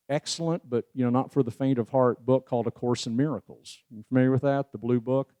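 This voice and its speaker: A man's voice: mid-range voice, dark tone, dry recording. A man giving a casual spiritual presentation, talking in a folksy way with wry asides and many "you know"s. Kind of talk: casual spoken lecture.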